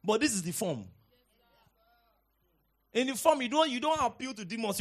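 A high-pitched male preacher delivering a sermon. He drops to quiet, intimate teaching, then bursts into shouted exhortation. He recites scripture in dramatic, old-fashioned wording. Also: big pitch swings, moderate pace, pauses often. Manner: dramatic archaic scripture quoting. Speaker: pastor.

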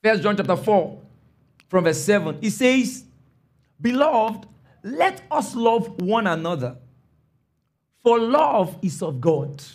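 A man preaching a sermon, emphatic, stopping often to ask his listeners if they follow and sometimes rising to a shout. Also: high-pitched, sing-song, takes it slowly, long pauses. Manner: emphatic, calls for congregation responses; rises to shouts on key phrases.

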